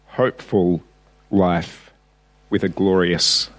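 A man's voice: deep voice, fairly even intonation, slow pace. A man preaching a sermon in a conversational, wry way, with emphatic repetition.

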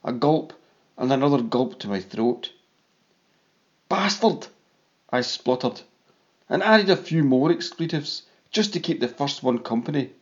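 A man reading a first-person audiobook in a slow, measured way. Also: mid-range voice, lively intonation, highs cut off. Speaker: audiobook narrator.

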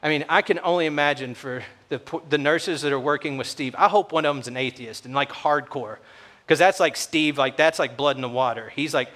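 Lively storytelling male pastor. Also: fairly high pitch, fairly quick. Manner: conversational storytelling, acts out quoted voices. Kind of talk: sermon.

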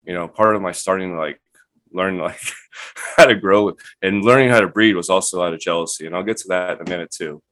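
A man's voice: low voice, brisk. A man telling stories as a guest on a live online show, swearing freely and acting out what others said. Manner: profane, animated, acts out quotes. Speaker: guest cannabis breeder. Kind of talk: casual storytelling.

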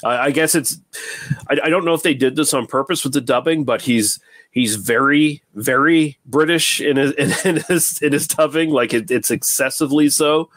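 A man's voice: on the high side, moderate pace, fairly bright tone, no room sound. A man chatting casually about a film, rambling with lots of fillers, laughing and swearing.

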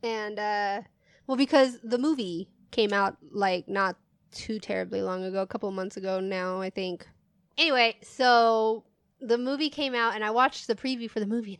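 A woman's voice: mid-range voice, fairly bright tone, clear, resonant tone, dry recording, clean studio sound. A young woman co-hosting a casual comedy chat, telling stories and laughing often. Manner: giggly storyteller, laughs often through her stories. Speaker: podcast co-host.

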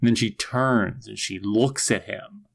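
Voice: medium pitch, measured pace, creaky. A podcast co-host chatting casually about a TV episode, reacting emphatically and making sarcastic asides.

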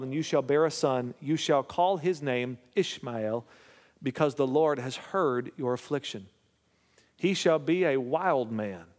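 The male pastor's voice sits on the high side with a darkish tone as he delivers a sermon. He reads scripture out loud, comments on it, and keeps checking in with the congregation amid long hall reverb.

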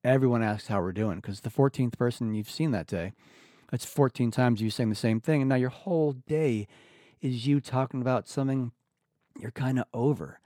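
A podcast host tells stories in casual conversation, animatedly acting out the voices of the people he quotes. His mid-range voice moves at a moderate pace, recorded at studio quality with no room sound.

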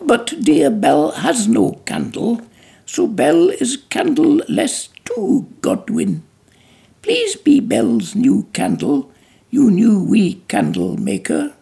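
A reader voicing a joyful, curious young woman with a childlike mind, who speaks slowly in a sing-song way and names things one by one, in a gravelly, husky voice. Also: medium pitch, huge pitch swings, dark tone, voice pushed up, heavily acted. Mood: playful.

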